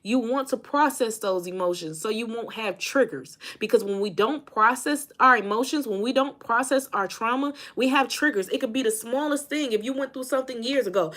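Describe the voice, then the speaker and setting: Woman from Indiana, vlogger and life coach, emphatic, repeats herself, fairly high voice, casual motivational talk. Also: a bit bright. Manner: emphatic, repeats phrases, addresses viewers as y'all.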